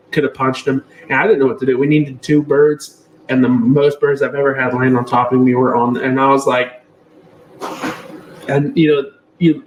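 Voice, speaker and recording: Male podcast co-host, roomy sound, faint noise, animated storyteller. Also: mid-range voice. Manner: animated storyteller, acts out quotes. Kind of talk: casual hunting chat.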